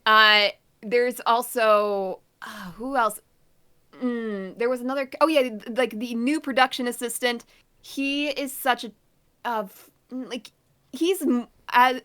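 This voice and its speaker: A woman with a bright, forceful voice pitched a touch high, chatting casually as a podcast co-host. She rants in a blunt, exasperated way. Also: clean tone.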